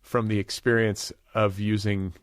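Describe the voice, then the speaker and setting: A man's voice: lowish voice, little pitch movement, a little slow, dry recording, studio quality. A man hosting a podcast, asking curious, chatty questions in a casual interview. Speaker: podcast host.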